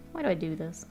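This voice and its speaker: Woman, live streamer, casual chat, soft muttering while working, quick laughs, stuffy nose, faint music behind. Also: low voice. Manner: chatty, often murmuring softly while working, laughs easily.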